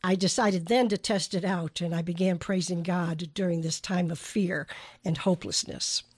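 A woman hosting a devotional podcast, talking earnestly and slowing down to stress key phrases. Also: on the low side, fairly even intonation, husky, dry recording, clean studio sound. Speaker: podcast host. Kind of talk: devotional teaching talk.

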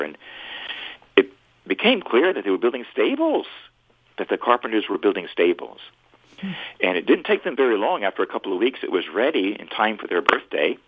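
A man, a priest, tells a story on a radio talk show in an animated way. His voice is husky and swings widely in pitch. It comes through a tinny, phone-like line.

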